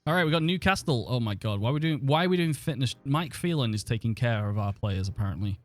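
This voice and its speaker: Streaming a football management game, a man chats and thinks aloud in a mid-range, expressive voice at a quick pace, with faint music behind. He swears now and then in his casual commentary.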